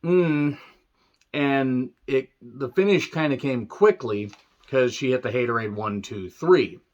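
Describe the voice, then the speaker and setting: A tired man talks through a show recap in a loose, rambling way. He fills gaps with "you know" and clears his throat often, and he drops dry, wry asides. His voice sits at a middling pitch, and the audio sounds a little dull and lo-fi. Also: slow pace. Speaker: wrestling show reviewer. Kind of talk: casual solo review recap.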